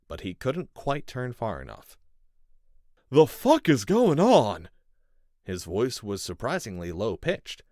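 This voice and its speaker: Low, lively male audiobook narrator. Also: no echo, clean studio sound. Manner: measured and intense, with lively pitch. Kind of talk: first-person scripted narration.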